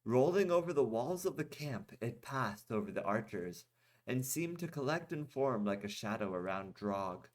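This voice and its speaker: A man reading his own fantasy story aloud as a storyteller, expressive, and breaking now and then into casual asides. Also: mid-range voice, moderate pace. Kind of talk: storybook narration.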